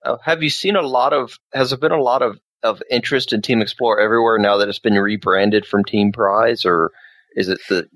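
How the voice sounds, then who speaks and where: Low-voiced podcast host man. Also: brisk, fairly bright tone, dry recording. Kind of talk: casual podcast chat.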